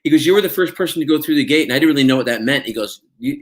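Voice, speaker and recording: A male actor being interviewed, telling stories in a relaxed way, acting out quoted dialogue with plenty of fillers. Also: a little high, racing. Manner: anecdotal, acts out quoted dialogue, many fillers. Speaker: actor guest. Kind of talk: casual interview storytelling.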